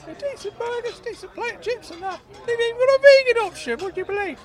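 A man doing a squeaky fussy old uncle. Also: animated, quick pace, over a noisy crowd. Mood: prim. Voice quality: high, squeaky put-on voice. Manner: insistent, prim and easily delighted. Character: fussy nostalgic older uncle, excitable and shrill. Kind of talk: comedy podcast sketch.

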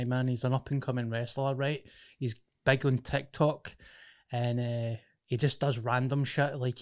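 A man's voice: mid-range voice, clear, resonant tone. A Glaswegian man co-hosting a podcast, chatting casually while he has a cold. He swears a lot and jokes around. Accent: Glaswegian Scottish. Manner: sweary, jokey, puts on voices for quoted people. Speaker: podcast co-host. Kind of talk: casual chat.

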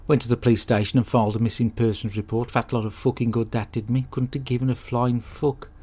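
An actor playing a hapless, crude bloke who rambles through a comic monologue in a deadpan, sweary way. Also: male voice, mid-range voice, quick pace, husky, lightly acted. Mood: grumbling. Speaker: comedy podcast character host.

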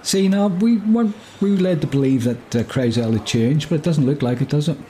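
A man's voice: fairly high pitch, brisk, dark tone, slight background noise. A man reading a story aloud and chatting about it in a jokey way. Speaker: story reader. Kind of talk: casual reading and chat.

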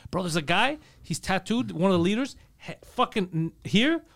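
A man co-hosting a podcast, telling animated, profane stories full of quoted voices in casual banter. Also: high voice, normal speed, vocal fry. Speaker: podcast co-host.

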